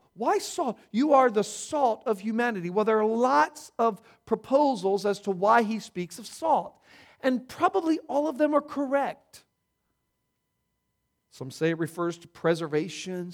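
A man preaching a sermon as a pastor, stressing and repeating key words and swinging his loudness for emphasis. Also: sits high.

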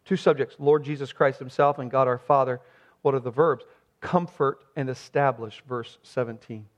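A man's voice: medium pitch, fairly even intonation, moderate pace. A man preaching an expository sermon as pastor. He speaks emphatically and poses rhetorical questions to his listeners. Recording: dull lo-fi recording.

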